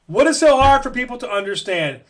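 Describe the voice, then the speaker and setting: A man's voice: very high voice, big pitch swings, fairly quick. A man ranting bluntly and emphatically, repeating his points in an opinion monologue. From United States. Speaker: home school dad vlogger. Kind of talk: opinion rant to camera.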